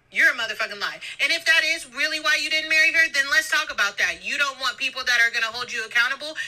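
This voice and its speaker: A woman's voice: a little high, sharp tone, poor audio. A woman recording a heated, profane voice note on her phone while stopped on a road trip. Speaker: podcast guest sending voice notes. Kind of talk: ranting voice note. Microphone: phone voice memo.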